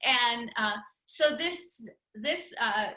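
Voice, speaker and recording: Bright-voiced woman teaching in an echoey room. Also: on the high side, expressive, drawn-out words. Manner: chatty, laughs often, many restarts. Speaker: communication workshop speaker. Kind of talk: teaching talk with spouse.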